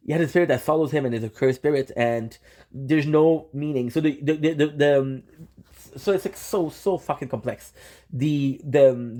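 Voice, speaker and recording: Rambling young man with a mellow voice. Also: mid-range voice. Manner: rambling, excitable, slangy and swearing, many restarts. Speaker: channel host. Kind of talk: casual anime recap.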